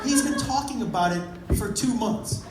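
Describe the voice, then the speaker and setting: A man telling a story in a stand-up set, punchy and loud at times, swearing freely. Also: extremely high pitch, expressive, normal speed. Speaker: stand-up comedian. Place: comedy club stage with a live audience. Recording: echoey, distant live club recording with a loud crowd.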